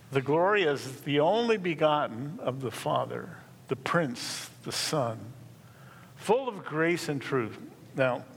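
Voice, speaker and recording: Man, sermon, slow deliberate delivery, long hall echo, faint room noise. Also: medium pitch, gravelly, a bit bright. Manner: earnest preaching with slow emphatic stresses. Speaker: pastor.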